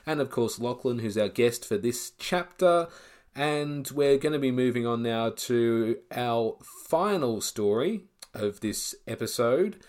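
A man hosting a casual fan podcast, introducing the team and handing over. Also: medium pitch. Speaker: podcast host. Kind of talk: casual chat.

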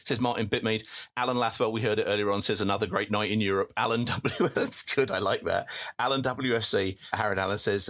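A man's voice: on the low side, sharp tone. Chatty man reading fan messages. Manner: jokey, chatty, reads messages aloud with quick asides. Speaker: football podcast host reading listener messages. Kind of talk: casual live audio chat. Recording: live audio stream.

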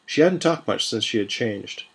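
A man narrating a scripted fantasy story in a measured, even reading. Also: medium pitch, breathy edge. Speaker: podcast storyteller.

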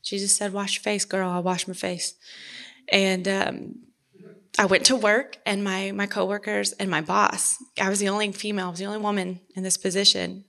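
A woman giving an earnest personal faith testimony, halting and restarting as she talks. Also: mid-range voice, little pitch movement, gravelly, pushed and bright.

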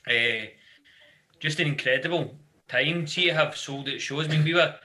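Very bright-voiced Scottish man. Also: fairly high pitch, normal speed. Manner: jokey, cuts in with quips. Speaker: band member guest. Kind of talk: live podcast interview.

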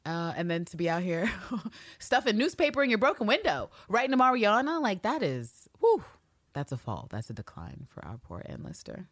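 A woman co-hosting a podcast, recapping a TV episode in casual, animated chat and acting out quotes. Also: mid-range voice, normal speed, no echo, studio quality. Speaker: podcast co-host.

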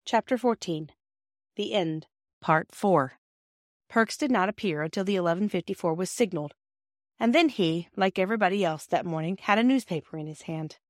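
A woman narrating a classic children's novel in a calm, measured storytelling voice. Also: on the low side, no echo, studio quality, soft background music. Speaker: audiobook narrator. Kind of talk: scripted narration.

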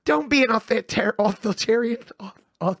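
A man putting on an unhinged, flirty female pop star who is a reckless mother, giggly and mock-innocent with a breathy, gravelly voice. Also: sits high, fairly quick, dry recording, studio quality. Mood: manic innocent. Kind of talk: comedy podcast impression.

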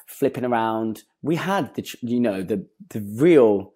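A young man, a guest telling stories in a casual interview, animated and quick to act out what people said. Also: medium pitch, husky. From northern England. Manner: animated, acts out quoted voices, laughs often. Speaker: guest, stage performer.

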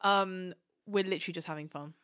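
A woman's voice: on the low side, steady tone, a little fast, a bit bright. A woman hosting a podcast in casual chat, talking in a chatty, rambling and giggly way. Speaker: podcast host. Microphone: studio podcast mic.

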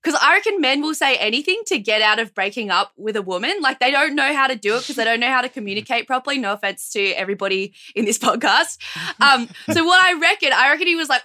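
Aussie woman, high voice, super chatty comedy podcast guest. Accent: Australian. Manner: chatty, animated, quick to laugh. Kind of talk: casual comedy podcast banter.

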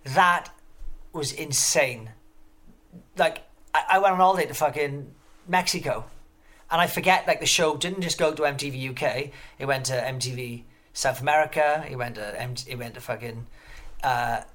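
A man telling stories as an interview guest, rambling and excitable, swearing constantly. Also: medium pitch, normal speed. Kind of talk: casual storytelling interview.

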